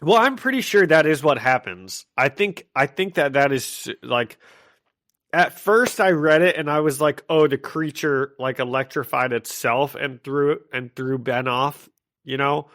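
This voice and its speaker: A man's voice: mid-range voice, expressive, a little slow, fairly bright tone. Chatty laughing podcast co-host man. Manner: chatty, laughs often, hedging restarts. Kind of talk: casual comic recap chat.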